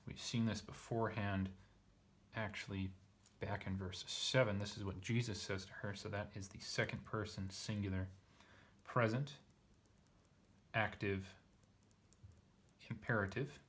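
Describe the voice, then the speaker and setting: Lowish guy voice, kinda hesitant, fixes himself a lot, walking thru a verse. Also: steady tone, a little slow, long pauses, fairly bright tone, husky. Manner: hesitant, thinks aloud, corrects himself. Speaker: Greek teacher. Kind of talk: casual lesson reading.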